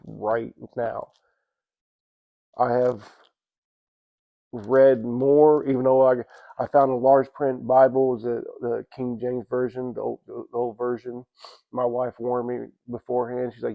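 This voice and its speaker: Speaking at church, a man tells his personal testimony casually, rambling and halting with frequent restarts and plenty of "you know what I'm saying." His voice is medium-pitched and level with vocal fry, and the sound is lo-fi.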